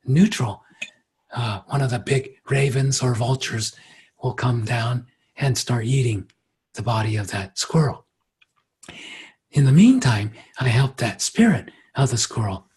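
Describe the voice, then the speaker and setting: A man as a spiritual teacher giving a reflective workshop talk, gentle and unhurried, often pausing and turning lively when he quotes others. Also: medium pitch, husky.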